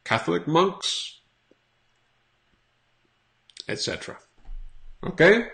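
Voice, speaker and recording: A man teaching English pronunciation on camera in a casual, playful way, repeating each word slowly for learners. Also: a little high, big pitch swings, gravelly, fairly bright tone.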